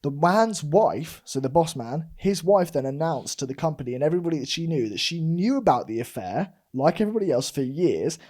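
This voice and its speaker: A man's voice: on the high side, lively intonation, a little fast, few pauses, darkish tone. A man co-hosting a podcast, telling a story in a chatty way and laughing often. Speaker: podcast co-host. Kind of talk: casual chat.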